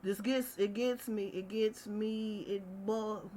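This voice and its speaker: A woman's voice: mid-range voice, steady tone, slow, crowd noise. A middle-aged woman hosting a casual chat stream, talking in a passionate, heated way. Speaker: livestream host.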